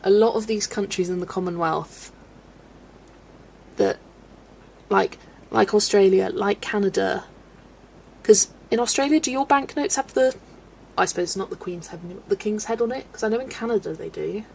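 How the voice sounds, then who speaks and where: A woman's voice: mid-range voice, normal speed, vocal fry, long pauses, a little mellow, a little hiss or hum. A woman from the UK hosting a casual colouring livestream, chatting and laughing as she reads out viewer comments. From United Kingdom. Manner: chatty, rambling, laughs often, reads chat aloud. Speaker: livestream host reading chat. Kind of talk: casual chat while colouring.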